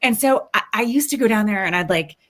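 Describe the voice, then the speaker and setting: A woman's voice: mid-range voice, animated, a little fast, over a noisy crowd. A woman guest on a podcast who explains ideas in a thoughtful, coaching way, with frequent ums and rhetorical "right?"s. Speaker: guest, resilience expert. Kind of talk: casual interview conversation.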